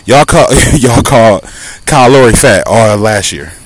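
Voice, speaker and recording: A man's voice: medium pitch, expressive, unhurried, no echo, low-quality recording. A man with a Southern American accent hosting a casual podcast monologue while walking outdoors near traffic, talking emphatically and firing off rhetorical questions. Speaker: podcast host. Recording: light street noise, cars passing.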